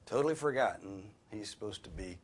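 A man's voice: on the low side, expressive, a little fast, slight background noise. A man preaching a sermon as pastor, earnest and rising sharply for emphasis on key points.

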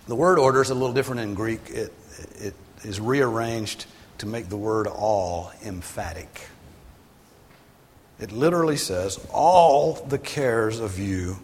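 A male pastor giving a sermon in a conversational way, sometimes rising for emphasis and then dropping low. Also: slight background noise. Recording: long hall reverb.

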